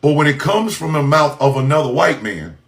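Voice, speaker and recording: A man delivering an impassioned, profane monologue, shouting in bursts and firing off mocking rhetorical questions. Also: on the high side, expressive, fairly quick.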